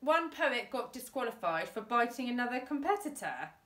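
A woman voicing a fussy, eccentric spinster aunt who talks in a high, gushing, theatrical way in a storybook reading, recorded in an echoey room on a distant mic. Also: very animated, normal speed, a bit bright.

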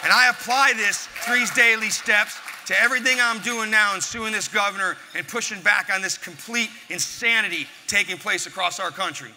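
A man with a high, bright, hard-edged voice speaks at a live event. He tells stories and pushes motivational points in short, punchy bursts. The sound carries a long echo from a large hall, with faint room noise underneath. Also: normal speed, hardly any pauses. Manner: forceful, punchy storytelling. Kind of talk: motivational speech. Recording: echoey hall, faint crowd ambience.

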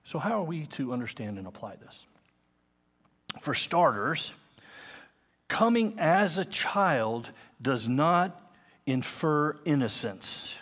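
A man's voice: fairly high pitch, very animated, slow pace, long pauses, a bit bright, breathy edge. A man in his fifties preaching a sermon as pastor, earnest and conversational, with personal asides. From United States. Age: 50s.

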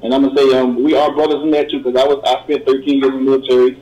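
A middle-aged man calling in to a radio show, giving an earnest, halting testimony with many repeated words. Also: mid-range voice, level tone, mellow. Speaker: caller. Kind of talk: call-in testimony. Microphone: phone call. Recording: roomy call-in line.

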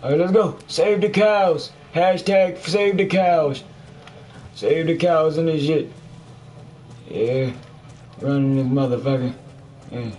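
A gamer provides profane let's play commentary, his voice a little high as he takes it slowly and pauses often. He's loud and crude, keeping up a jokey running commentary full of cursing. Faint background noise is present.

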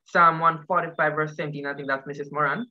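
A man's voice: a little high, flat delivery, quick pace, dull audio. A man pastor teaching a Bible study over an online call, who asks the group questions and often repeats his words.

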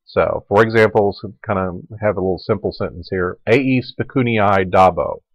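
Low-voiced man teaching Latin grammar. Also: fairly quick, husky, dry recording, muffled recording. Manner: relaxed explaining, repeating forms aloud. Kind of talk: recorded lecture.

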